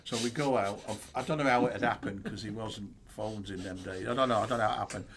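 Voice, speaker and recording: A man, a co-host telling animated stories in casual chat and acting out the dialogue. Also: lowish voice, quick pace, crowd noise. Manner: animated anecdote-teller, acts out dialogue.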